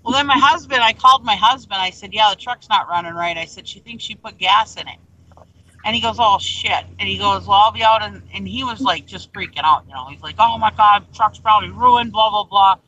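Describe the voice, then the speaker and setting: Bright, forceful chatty woman. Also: mid-range voice, fairly quick, muffled recording. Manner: lively, chatty storytelling, acting out quotes. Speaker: online reseller hosting a livestream. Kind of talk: casual storytelling chat.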